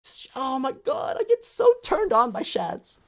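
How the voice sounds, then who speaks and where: A man's voice: extremely high pitch, wildly swooping pitch, a little slow, gravelly, a bit bright, voice pushed up, full character voice. A man voicing a giddy teenage boy fan who gushes in a mocking way. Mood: mocking swoon. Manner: mocking, gushing.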